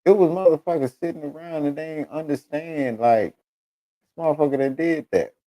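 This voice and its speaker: Male streaming host, casual and profane, rambling storyteller, mellow tone. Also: fairly high pitch, normal speed. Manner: profane, rambling storytelling, addresses viewers as y'all. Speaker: streaming talk show host. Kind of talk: casual solo talk to an audience.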